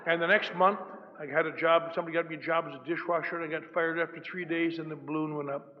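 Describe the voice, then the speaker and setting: A man's voice: fairly high pitch, steady tone, fast talker. An older man speaking at a recovery meeting, telling his story with wry, self-mocking humor. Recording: dull old hall recording, faint hiss.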